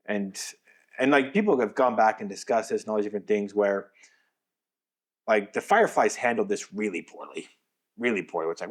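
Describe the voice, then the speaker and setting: Lower-voiced man retelling a story with animation. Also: fast. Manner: animated retelling with acted-out quotes, frequent restarts. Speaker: podcast co-host. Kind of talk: casual podcast chat.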